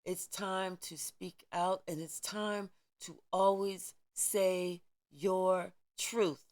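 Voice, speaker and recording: A woman's voice: fairly low pitch, steady tone, extremely slow, a little mellow. A woman giving a spiritual tarot reading in an emphatic, preachy way, with a lot of repetition and profanity. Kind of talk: tarot reading vlog, spiritual pep talk.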